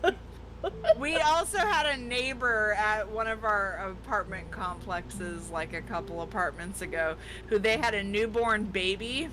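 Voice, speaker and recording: A woman's voice: medium pitch, unhurried, hardly any pauses, very noisy. A woman chatting casually on a game stream, telling a story with lots of laughter. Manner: lively storyteller, laughs through her story. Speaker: player in a streamed tabletop game. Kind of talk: casual chat, telling an anecdote. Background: background music.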